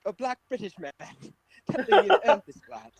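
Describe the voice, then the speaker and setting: A man's voice: very high-pitched, huge pitch swings, fairly quick, creaky, breathy edge, no echo, poor audio. A young man chatting on an online call, joking and hesitant, with many restarts. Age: young adult. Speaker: guest on a call. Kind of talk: casual group chat.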